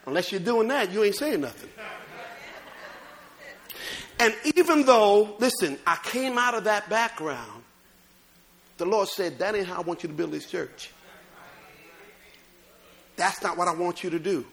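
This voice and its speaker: A man preaching a sermon as pastor, swinging between loud bursts and low asides. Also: lively intonation, normal speed, vocal fry, pauses often.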